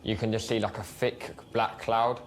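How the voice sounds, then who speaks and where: A man's voice: lowish voice, level tone, slight background noise. A young man, an expectant father, talking and bantering jokily in a documentary interview. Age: young adult. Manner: joking, quick banter. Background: background music.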